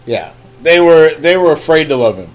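A man's voice: fairly high pitch, big pitch swings, moderate pace, soft background music. A man co-hosting a casual podcast chat, blunt and profane with short dry retorts. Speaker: podcast co-host.

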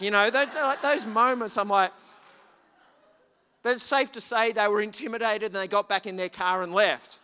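A man preaching a sermon, telling a story with lively, animated delivery and shouting at the peaks. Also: sits high, quick pace, clean tone. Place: church hall. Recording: long hall reverb, faint music behind.

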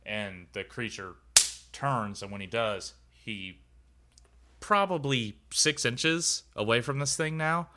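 A man's voice: mid-range voice, takes it slowly, heavy background noise. A man narrating a tabletop game as game master, talking casually and rambling with lots of filler words.

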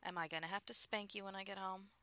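A woman reading the lines of a playful adult husband teasing his wife over the phone, in a low murmur. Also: steady tone, quick pace, sharp tone, no echo, natural voice.

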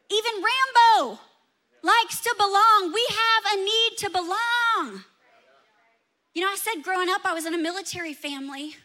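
Bright, high-voiced woman preacher. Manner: lively, talks straight to the audience with questions. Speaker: pastor. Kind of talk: sermon.

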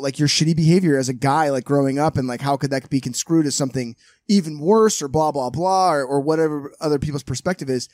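Fast-talking brash man, slightly high voice. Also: a little mellow, no echo, studio quality. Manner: brash, swearing, fast storytelling. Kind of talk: casual chat.

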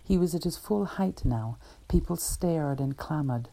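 A woman author reads her own fiction in a measured, even way. Her voice is low and dark with a gravelly texture.

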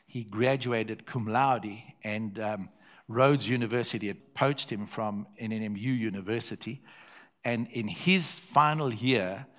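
An older man with a South African accent, preaching a sermon built around a personal story and repeating phrases for effect. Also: medium pitch.

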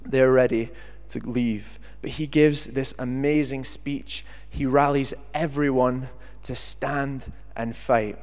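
A young British man preaching a sermon, reading scripture and then talking in a lively, chatty way with jokey asides. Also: mid-range voice, slow pace, hardly any pauses. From Britain. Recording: long hall reverb.

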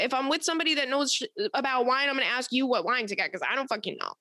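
Blunt, bright-voiced woman podcast host. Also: high-pitched, racing, hardly any pauses, no room sound. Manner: blunt, profane and animated. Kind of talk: casual storytelling chat.

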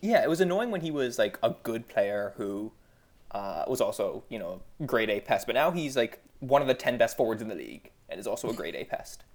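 A man's voice: lowish voice, big pitch swings, fairly quick. Sarcastic ranting hockey-fan man. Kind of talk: casual sports podcast chat.

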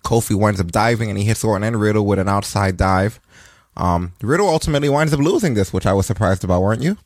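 A man with a fairly low voice runs through last night's wrestling in a loose, joking way, swearing freely. The sound is dry and close, with no room around it. He talks like a regular co-host chatting. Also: quick pace, no room sound. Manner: loose, profane, joking storytelling. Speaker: podcast co-host. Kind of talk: casual wrestling recap chat.

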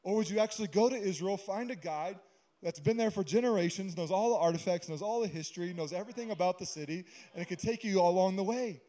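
A man's voice: sits high, fast, dark tone. A man pastor giving a sermon in a conversational way, with humorous asides and stories.

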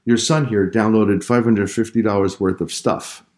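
A man's voice: lowish voice, steady tone, normal speed, darkish tone, lightly acted. A man voicing a stern father who lectures his sons. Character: stern father, strict and angry.

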